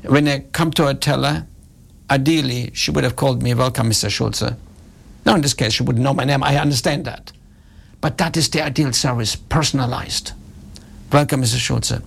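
Gravelly, husky man telling a story. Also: mid-range voice, fairly even intonation, brisk. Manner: emphatic, repeats key points. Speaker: speaker on customer service. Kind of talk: storytelling talk to an audience.

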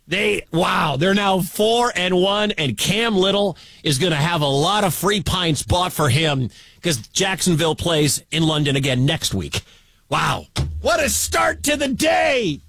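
Male radio play-by-play caller, bright high voice, excitable. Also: no room sound. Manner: excitable, building to shouts at big plays. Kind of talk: live football radio commentary.

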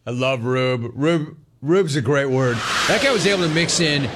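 A man hosting a sports talk radio show, taking callers and riffing in a brash, animated way with punchy repeated words. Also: medium pitch, normal speed, few pauses, slight background noise. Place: radio studio.

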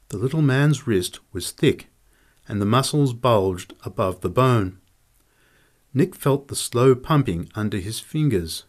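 A man's voice: on the low side, a little slow. A man reading a story aloud in scripted narration, voicing each character in turn. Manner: lively, expressive reading of dialogue. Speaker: audiobook reader.

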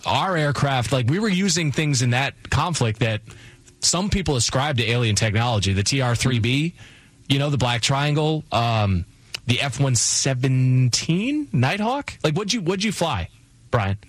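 A man hosting a radio talk show in a studio, energetic and excitable as he takes calls. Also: medium pitch, normal speed, no echo. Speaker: radio host.

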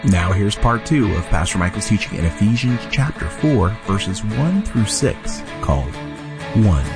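A man's voice: on the low side, lively intonation, a little slow. A male announcer reading a formal scripted introduction to a radio teaching program. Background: guitar music.

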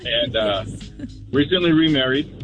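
An earnest man who works as a mortician calls a radio show to tell a story. His pitch is ordinary, and music plays clearly behind him. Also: lively intonation, a little slow, lo-fi sound. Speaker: caller, mortician. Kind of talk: call-in radio chat.

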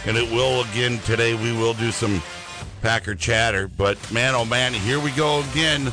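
A man's voice: mid-range voice, steady tone, normal speed, over loud music. A man hosting a sports radio segment, talking in a conversational, rambling way.

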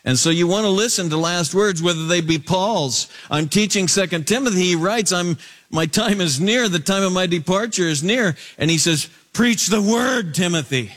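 A man preaching an expository sermon, animated, swinging from soaring high phrases down to low, emphatic tones. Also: moderate pace. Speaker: pastor.

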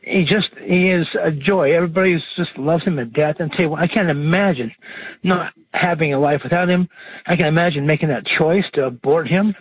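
A man's voice: on the high side, fairly quick, husky, no room sound. A man calling in to a radio show, emotional and choked up. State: emotional, voice breaking. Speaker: caller. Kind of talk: call-in radio talk. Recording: tinny phone line.

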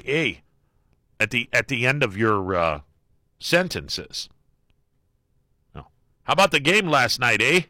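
Lively, bright-voiced male radio host. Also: medium pitch, dry recording, clean studio sound. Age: middle-aged or older. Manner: wry, joking, with frequent fillers. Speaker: radio talk show host. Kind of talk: call-in talk radio. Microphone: studio microphone.

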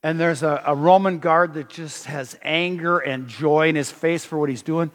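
A man preaching a sermon, animated and emphatic, often restarting his phrases. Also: a little high, moderate pace, long reverb tail.

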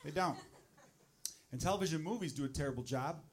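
A man's voice: on the high side, a little fast. A man doing a stand-up set with crude, exasperated storytelling. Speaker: stand-up comedian.

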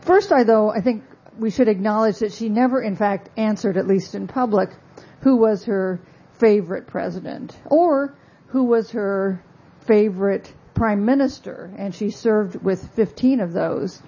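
Woman author, book talk, mellow husky voice, wry asides, dull lo-fi recording. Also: mid-range voice, a little slow. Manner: conversational, frequent fillers, wry asides.

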